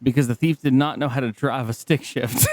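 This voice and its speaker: A man co-hosting a podcast in casual banter, excitable, laughing often and swearing freely. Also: medium pitch, brisk, no echo. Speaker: podcast co-host.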